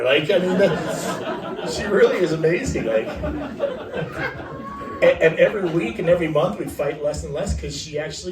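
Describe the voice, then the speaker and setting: Rambling joking groom, roomy and distant. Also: male voice, fairly high pitch, lively intonation, unhurried, pauses often, crowd noise. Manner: rambling, self-deprecating, joking. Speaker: groom giving vows. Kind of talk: unscripted wedding vows. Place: wedding ceremony. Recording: roomy, from a distance, faint background ambience.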